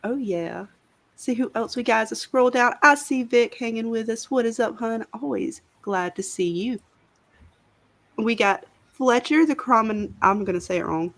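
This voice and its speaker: Co-hosting a relaxed livestream, this Southern-accented woman welcomes viewers by name in a chatty way. Her voice is on the high side, her speed normal.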